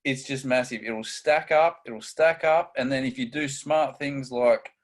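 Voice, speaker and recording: A man co-hosting a casual podcast chat, energetic and steering the talk through tips. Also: mid-range voice, a little slow. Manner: energetic, steers topics, chatty asides. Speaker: co-host.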